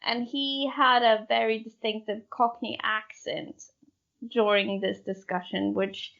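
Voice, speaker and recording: Slow, gravelly woman podcaster. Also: on the high side, fairly even intonation, a bit bright, dull audio. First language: not English. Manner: storytelling, giggly, hesitant. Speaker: podcast co-host. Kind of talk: casual true-crime podcast chat.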